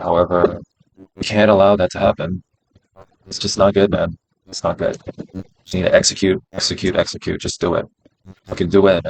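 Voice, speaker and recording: A man's voice: low voice, a little mellow, rough recording. A man streaming his day trades, talking himself through them in a casual, profane way and repeating phrases as he goes. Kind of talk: casual live-stream self-talk.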